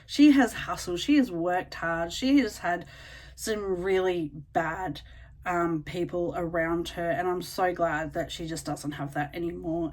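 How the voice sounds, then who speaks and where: A woman with an Australian accent chatting casually to camera as a beauty vlogger, excitable and full of ums and likes. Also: lowish voice. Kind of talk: casual unboxing chat to camera.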